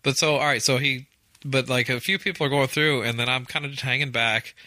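A man co-hosting a podcast in casual chat, rambling with quick restarts and quoted asides. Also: mid-range voice, steady tone, pushed and bright, no echo. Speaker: podcast co-host.

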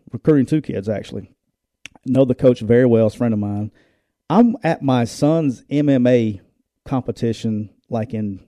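In studio-quality audio with no room sound, a middle-aged man who once coached football tells casual stories while co-hosting a show. His mid-range voice is lively; he mimics the people he quotes and laughs through his anecdotes.

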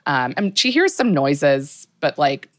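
A woman with a low voice co-hosts a podcast and recaps a film plot in loose, rambling chat. She leans on fillers and keeps the tone casual and conversational. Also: big pitch swings, takes it slowly, a bit bright. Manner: chatty, filler-heavy, laughs often. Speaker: podcast co-host.

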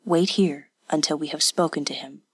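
A woman voicing a calm, watchful male village official who speaks in a measured, firm way in an audiobook. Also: low-pitched, slightly rough, dry recording.

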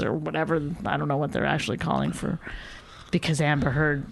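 A middle-aged woman co-hosting a podcast, chatting and teasing in a halting, casual way with many restarts. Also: low-pitched, fairly even intonation, gravelly, breathy edge, no echo. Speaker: podcast co-host. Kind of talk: casual banter.

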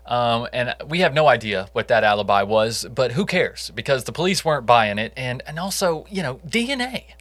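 A man's voice: mid-range voice, lively intonation, normal speed, hardly any pauses, a bit bright, dry recording. A man co-hosting a casual true crime podcast, telling the case in a conversational way with jokey asides. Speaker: podcast co-host.

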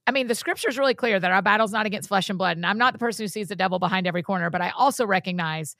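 A woman co-hosting a podcast, telling a story in an animated, heartfelt way and sharing her faith. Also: medium pitch, racing, gravelly, no echo, studio quality. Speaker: podcast co-host. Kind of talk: casual chat and storytelling.

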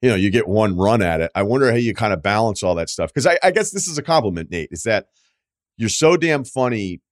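A man's voice: on the low side, expressive, brisk, no echo, studio quality. A man hosting a podcast, asking long rambling questions in casual, profane chat. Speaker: podcast host.

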